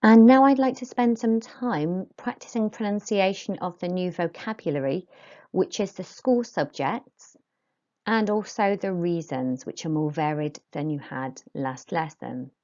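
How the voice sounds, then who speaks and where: A woman teaches a recorded lesson at a slow, patient pace. Her voice is lowish and mellow, and she explains each step clearly. The recording sounds dull and lo-fi. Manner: patient, clear classroom instruction with modelled pronunciation.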